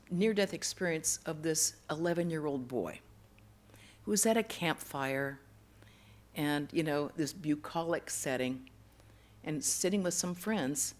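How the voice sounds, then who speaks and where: A woman giving a temple lecture, telling stories earnestly and going soft and hushed on tender words. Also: low-pitched. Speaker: monastic lecturer. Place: temple hall.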